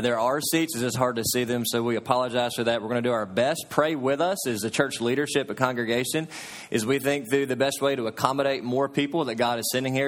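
A man preaching a sermon as pastor, folksy and storytelling, in a church sanctuary. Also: medium pitch.

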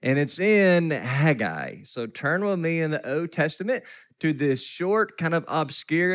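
A pastor preaching a sermon, telling stories with self-deprecating humor and now and then laughing. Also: male voice, fairly high pitch, a bit bright.

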